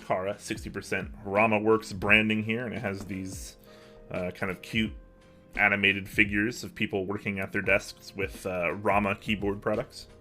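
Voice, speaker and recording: A man's voice: fairly low pitch, little pitch movement, moderate pace, sharp tone, faint music behind. A young man hosting a casual livestream from his home office, chatting and answering viewer messages. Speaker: livestream host.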